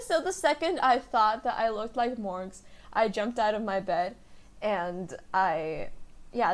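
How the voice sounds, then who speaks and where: A young woman hosting a casual solo podcast, rambling and joking at her own expense with frequent giggles. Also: a little high. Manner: rambling, self-mocking, giggly. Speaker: podcast host.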